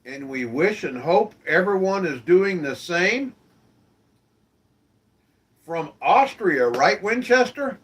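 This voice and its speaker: Friendly stream host guy, kinda high voice, takes his time, chatting with viewers. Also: very animated, slow, long pauses, fairly bright tone. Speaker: live-stream show host. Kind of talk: casual chat with viewers.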